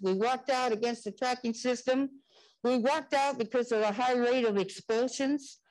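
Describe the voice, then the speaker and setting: Older woman, panel storyteller, fairly high voice, acts out dialogue with flair. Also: low-quality recording. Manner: animated, acts out quoted dialogue.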